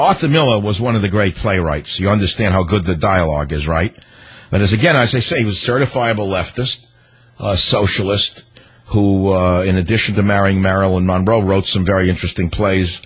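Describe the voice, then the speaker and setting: A man delivering political commentary on his radio show, indignant and rhetorical. His voice is low and husky. The broadcast sounds dull and lo-fi. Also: a little fast. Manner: indignant, rhetorical, hammering repetition. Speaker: radio talk show host.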